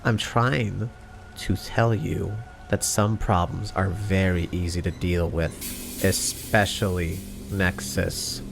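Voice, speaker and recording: A man playing a cool, mocking dark robot villain. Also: low voice, steady tone, takes it slowly, vocal fry, music in the background, full character voice. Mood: calm. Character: calm taunting male dark animatronic villain. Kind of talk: fan animation voice acting.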